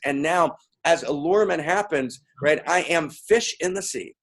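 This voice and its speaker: The talk is delivered at a moderate pace by a man with a fairly high voice. He's playful and interactive with his live audience, calling out to them and repeating lines.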